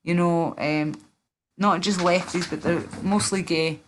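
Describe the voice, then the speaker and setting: A woman's voice: fairly low pitch, fairly even intonation, a little slow, slight background noise. A woman with a Glasgow accent hosting a casual stream, chatting in a rambling way and swearing a lot. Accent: Scottish, Glasgow. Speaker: streamer host.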